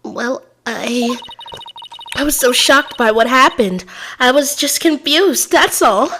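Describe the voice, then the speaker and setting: A woman's voice: high-pitched, slow, background noise, voice pushed up. A woman voicing a shaken, timid female witness in a courtroom game, speaking hesitantly in a raised, nervous voice.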